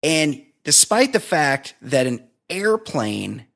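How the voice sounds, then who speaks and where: A man's voice: on the high side, big pitch swings, slow pace, creaky, a bit bright. A man co-hosting a podcast, casually retelling a film's scenes in a rambling way with frequent laughs. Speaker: podcast co-host. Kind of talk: casual movie review chat.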